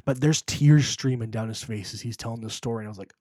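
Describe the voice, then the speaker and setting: A man's voice: medium pitch, fast talker, mellow, slightly rough, dry recording, clean studio sound. A young man co-hosting a podcast, rambling emotionally through a movie retelling with lots of fillers. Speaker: podcast co-host. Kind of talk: casual chat.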